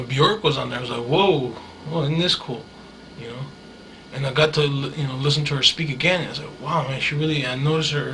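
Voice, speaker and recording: A man's voice: mid-range voice, sharp tone, slight background noise, low-quality recording. A man recording a rambling monologue diary, hesitant and full of fillers and restarts, sounding dreamy and awed.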